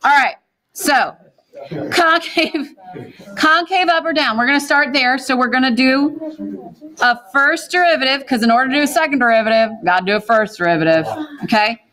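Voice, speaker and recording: A woman's voice: sits high, sharp tone. A woman teaching a math class in a classroom, walking students through problems and asking them questions as she goes. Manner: brisk, asks the class questions and answers them.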